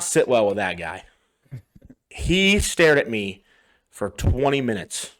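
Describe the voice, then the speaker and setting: A man's voice: mid-range voice, very animated, slow pace, pauses often, a bit bright. A young man co-hosting a podcast, telling rambling bar stories in casual chat, swearing a lot and acting out what people said. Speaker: podcast co-host.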